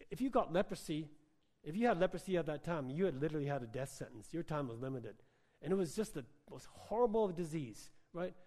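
A man preaching a sermon in a conversational, animated storytelling way, full of filler words. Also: on the high side. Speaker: pastor. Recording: long hall reverb.

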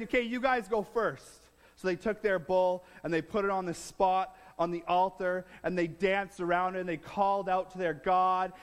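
Animated high-voiced male preacher. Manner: animated, dramatic retelling, swings between loud and hushed. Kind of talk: sermon with storytelling. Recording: long hall reverb.

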